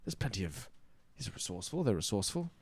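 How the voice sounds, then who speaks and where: A man's voice: fairly low pitch, big pitch swings, fast talker, darkish tone, breathy edge. A man playing a tabletop game, bluntly arguing his case in character. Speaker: player.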